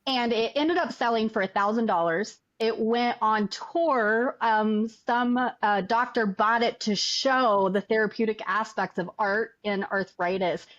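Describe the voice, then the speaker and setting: A woman artist telling a story as a podcast guest, animated, acting out what people said. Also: on the high side, unhurried, few pauses. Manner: animated, acts out quoted dialogue. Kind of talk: casual interview storytelling. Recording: dull lo-fi audio.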